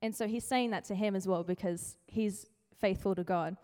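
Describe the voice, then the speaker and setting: A woman's voice: mid-range voice, moderate pace, warm tone. A woman giving a casual, playful youth sermon, chatty and acting out quotes in comic little voices. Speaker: youth speaker sharing a devotion. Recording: hall with long reverb.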